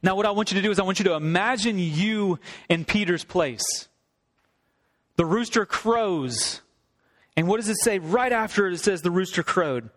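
A man's voice: high voice, normal speed, a bit bright. A male pastor delivering a sermon, reading scripture aloud and then expounding on it earnestly. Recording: long hall reverb.

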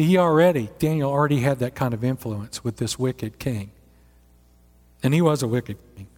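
A man in his sixties preaches a sermon, retelling a story in an animated, conversational way. His voice sits a little high for a man. A long hall echo follows every phrase. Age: 60s. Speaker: pastor. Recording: echoey hall.

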